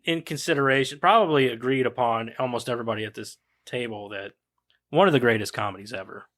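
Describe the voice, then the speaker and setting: A man's voice: mid-range voice, a bit bright, no room sound. A man hosting a casual movie podcast. He swears freely and laughs while reading out a plot summary. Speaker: podcast host.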